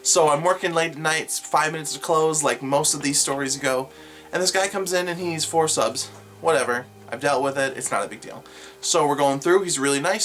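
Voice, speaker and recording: Bright-voiced young vlogger ranting. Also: medium pitch, brisk, soft background music. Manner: animated, exasperated, sarcastic. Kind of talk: storytelling rant to camera.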